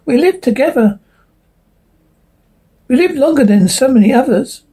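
A woman voicing a gentle, reassuring male autumn leaf in a storybook reading. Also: sits high, animated, unhurried, slightly rough, voice pushed up, exaggerated voice. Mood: tender. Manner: tender, soothing.

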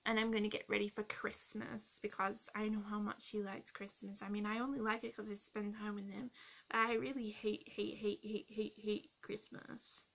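A woman's voice: medium pitch, little pitch movement, normal speed, creaky, a bit bright. A woman playing a rude, sarcastic young woman who hates Christmas and insults her viewers, in a role-play character vlog. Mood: grumpy.

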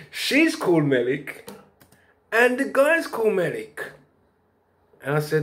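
A man's voice: sits high, slow pace, long pauses. Preachy man telling a story. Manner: preachy, lively storyteller who sings snatches and laughs. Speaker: vlogger. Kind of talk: rambling spiritual storytelling.

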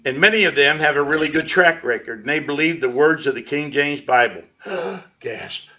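Bright-voiced preacher, lo-fi stream. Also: male voice, fairly high pitch, brisk. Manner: conversational preaching with sarcastic asides. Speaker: pastor. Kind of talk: sermon. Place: church sanctuary. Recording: lo-fi livestream audio.

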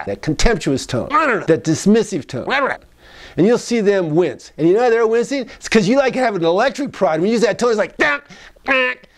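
A man's voice: sits high, a little mellow. A man speaking as a psychologist in a casual advice monologue. He repeats key phrases and acts out tones of voice as he goes.

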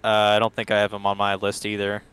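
Bright nasal young man joking. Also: lowish voice, monotone, quick pace, smooth. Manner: joking, self-mocking. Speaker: gamer. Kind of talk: casual chat.

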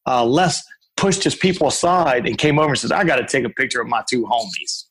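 A man, a guest author and speaker from Ohio, telling lively anecdotes in a podcast interview. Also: medium pitch, brisk, slightly rough, rough recording. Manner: animated anecdotes with quoted voices.

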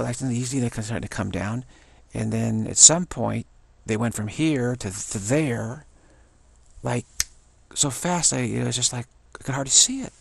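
Gravelly-voiced man rambling casually. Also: mid-range voice, no echo. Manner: loose and repetitive, restarts words, animated when excited.

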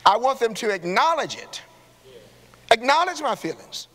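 A man preaches a sermon in a church sanctuary. His voice sits very high and sounds bright and forceful. A long hall reverb trails every phrase, and he calls out to the congregation and rises to shouts. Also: very animated, normal speed. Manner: call-and-response preaching, rising to shouts.

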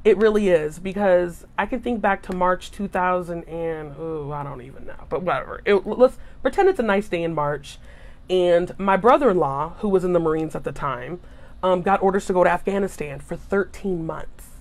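A woman in her thirties, a guest in a casual chat, telling her stories in an animated, expressive way. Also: lowish voice, moderate pace.

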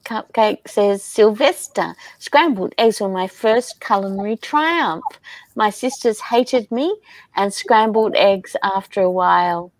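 A woman hosts a casual craft livestream, reading viewer comments aloud in an unhurried, chatty manner and laughing often. Her voice is mid-range and there is no echo.

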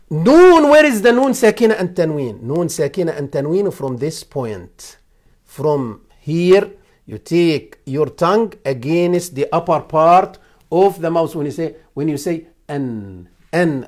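A man, an imam teaching a class on Quran recitation rules. He repeats phrases, quizzes his students and sounds out letters slowly. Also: high-pitched.

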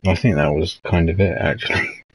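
Low, gravelly man rambling slowly. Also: steady tone, rough recording. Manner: rambling, hesitant, reading chat messages aloud. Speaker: livestream host. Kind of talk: casual late-night stream chat.

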